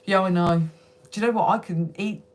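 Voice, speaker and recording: A woman's voice: mid-range voice, fairly quick, a little mellow. A young woman hosting a casual live stream from home on her phone, chatting with viewers, laughing often and swearing freely. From United Kingdom. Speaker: livestream host.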